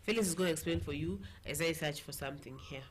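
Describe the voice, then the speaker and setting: A woman's voice: low voice, fast, slight background noise. A woman with a Kenyan accent hosting a casual political chat show, chatty and playful, switching languages mid-sentence. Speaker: talk show host.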